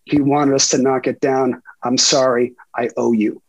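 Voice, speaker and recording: Middle-aged man, guest reporter, lively storytelling, laughs often, dry close sound. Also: mid-range voice, normal speed, no room sound, low-quality recording. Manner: animated storyteller, laughs often, many fillers. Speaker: investigative sports reporter, guest. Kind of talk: casual interview storytelling.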